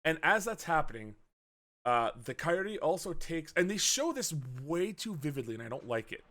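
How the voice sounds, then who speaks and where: A man co-hosting a podcast, chatting casually about a movie, swearing often and acting out scenes in quick put-on voices. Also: a little high, very animated, pushed and bright. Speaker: podcast co-host. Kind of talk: casual movie review chat.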